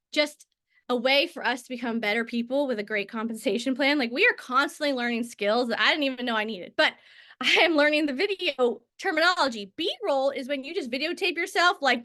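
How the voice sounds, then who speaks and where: A woman in her thirties teaches a casual session, running off on tangents and filling gaps with "like" and "um". Her voice sits high and comes across bright and forceful. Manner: chatty, tangents and filler words. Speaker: network marketing trainer. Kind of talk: casual training talk.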